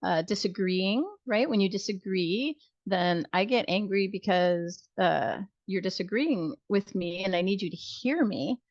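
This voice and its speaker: A woman's voice: mid-range voice, a little slow, hardly any pauses, dry recording. Middle-aged woman, nursing instructor, casual lecture, dry dull call audio. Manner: conversational, acts out sample dialogues. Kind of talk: recorded video-call lecture.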